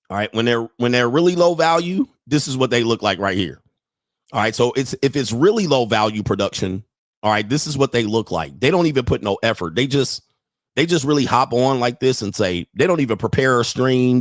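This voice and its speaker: A man hosting a livestream in a loose, profane rant, mocking his targets and leaning on "all right" between thoughts. His voice sits at a middling pitch and sounds close and dry, with no room around it. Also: no room sound. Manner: keeps saying "all right". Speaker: livestream host.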